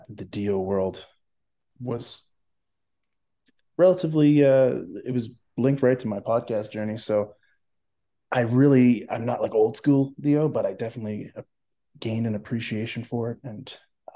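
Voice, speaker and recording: A man appearing as a podcast guest, talking casually in a relaxed, halting way and laughing easily. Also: on the low side.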